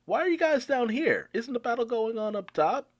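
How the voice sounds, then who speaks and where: A man's voice: very high-pitched, animated, moderate pace, muffled recording, pitched above the performer's own voice. A man putting on an easygoing male hero in a breezy, offhand way.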